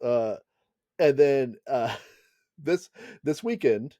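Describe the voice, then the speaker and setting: A man's voice: medium pitch, animated, very slow, dark tone, dry recording, lo-fi sound. A man co-hosting a podcast in casual chat, rambling and laughing often. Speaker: podcast co-host.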